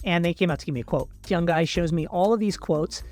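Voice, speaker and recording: A man's voice: fairly high pitch, fast. Chatty man telling a consumer story. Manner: chatty, animated retelling with fillers, addresses viewers as people. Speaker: video host. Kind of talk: casual storytelling to camera.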